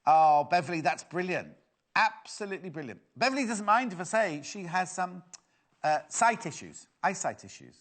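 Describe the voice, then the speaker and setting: A man's voice: high voice, expressive, moderate pace, fairly bright tone. A middle-aged man presenting live sales on TV, chatty and teasing as he banters with his crew. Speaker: shopping channel presenter.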